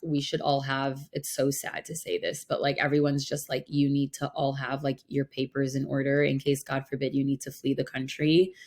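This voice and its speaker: A woman with a notably low-pitched voice co-hosts a counseling podcast, chatting casually. She tells her story in an animated way, peppering it with "like". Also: moderate pace, hardly any pauses. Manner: animated, frequent "like" fillers. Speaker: podcast co-host, mental health counselor.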